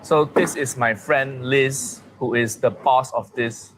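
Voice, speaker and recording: A man's voice: mid-range voice, fairly even intonation, slow pace. Male vlogger, wry chatty tour narration, faint background noise. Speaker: vlogger touring a restaurant. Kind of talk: casual vlog narration.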